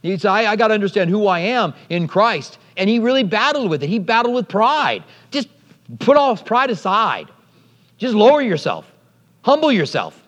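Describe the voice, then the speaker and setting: A man preaching a sermon as pastor, animated and storytelling, acting out quotes along the way. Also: high-pitched, moderate pace, in a large hall.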